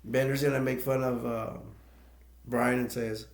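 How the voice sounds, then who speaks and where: A man's voice: mid-range voice, little pitch movement, a little slow, vocal fry. A man casually retelling a film's plot as a movie reviewer, rambling and laughing between points. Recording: echoey room.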